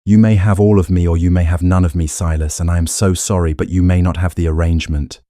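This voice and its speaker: A man voicing a steady, proud young countess who speaks firmly and plainly in an audiobook romance. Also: sits low, no room sound, studio quality, natural voice. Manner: firm, measured, plain-spoken. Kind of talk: audiobook character reading.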